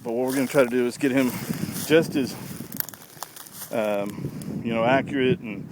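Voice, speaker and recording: Man explaining dog training in loud wind. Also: medium pitch. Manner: plain, easygoing explanation. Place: outdoors by a pond on a ranch, windy. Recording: loud outdoor wind noise. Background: wind and outdoor noise.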